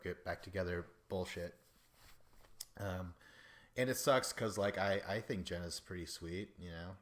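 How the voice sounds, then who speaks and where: Rambling, profane male podcast host. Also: deep voice. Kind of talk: casual podcast commentary.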